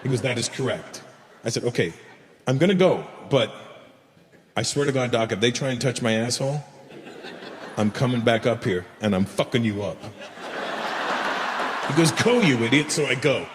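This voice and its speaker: Before a laughing audience at a large live venue, a man tells a crude stand-up story, playing both sides of the dialogue. His mid-range voice has lively intonation at normal speed with frequent pauses, recorded in a roomy, echoing hall with faint ambience and slight background noise.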